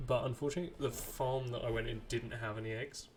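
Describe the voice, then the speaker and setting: A man's voice: medium pitch, steady tone, quick pace, hardly any pauses. A man giving casual live commentary while he plays a video game, rambling and chatting to the characters on screen. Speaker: streamer playing a video game. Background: game music.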